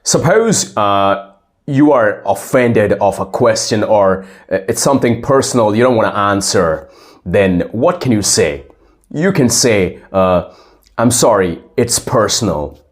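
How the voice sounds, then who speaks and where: A man playing a polite young male student who answers his teacher slowly and repeats each example phrase. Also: fairly low pitch, animated. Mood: explaining. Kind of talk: scripted classroom role-play.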